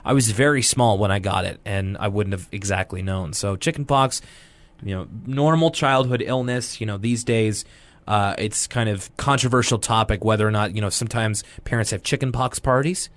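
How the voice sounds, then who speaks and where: A man's voice: on the low side, moderate pace, no echo. Rambling young man with dry sound. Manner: rambling, joking, animated quoting. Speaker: podcast co-host. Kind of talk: casual chat recapping a cartoon.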